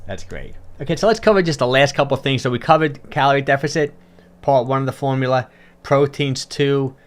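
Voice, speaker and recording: On a livestream, a man who coaches fitness responds to viewers' comments, brisk and upbeat, repeating himself and leaning on fillers. His pitch is medium.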